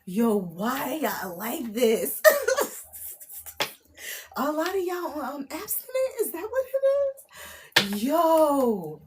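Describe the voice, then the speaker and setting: A woman, chatting on a live stream as a spiritual reader, laughing often, loud and disbelieving, full of slang. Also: high-pitched, sing-song, slow, long pauses, heavy background noise. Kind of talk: casual live-stream chat.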